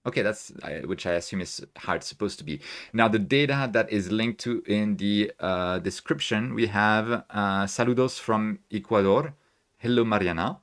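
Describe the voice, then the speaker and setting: A man's voice: lowish voice, normal speed, a bit bright. A man hosting a casual live stream, chatting loosely and reading viewer messages aloud from home, with lots of fillers and restarts. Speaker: astrophotography livestream host. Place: home room with equipment.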